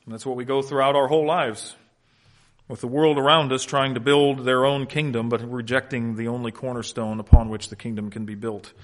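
A man preaching a sermon as pastor, swinging between loud, emphatic points and quiet asides, and explaining Greek wording in a teacherly way. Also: medium pitch, steady tone, brisk.

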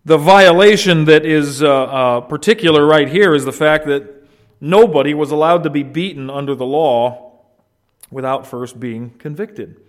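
A man's voice: fairly high pitch, unhurried. A man preaching an expository sermon, earnest and emphatic, often restarting phrases. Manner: earnest, emphatic teaching with restarts and rising stress. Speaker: pastor.

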